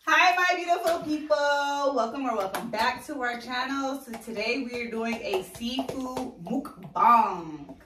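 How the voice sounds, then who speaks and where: A woman's voice: high voice, moderate pace, hardly any pauses, a bit bright, recorded from a distance. A woman hosting her family's vlog, chatting casually and directing her kids during a meal at home. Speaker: family channel host. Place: home living room, eating on the floor. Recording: roomy echo from a camera across the room, faint noise.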